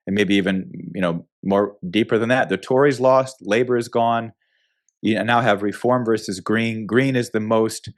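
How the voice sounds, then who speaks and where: Opinionated American man, emphatic commentary. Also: medium pitch. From United States. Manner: opinionated, emphatic, frequent restarts and fillers. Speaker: guest. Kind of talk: casual political interview.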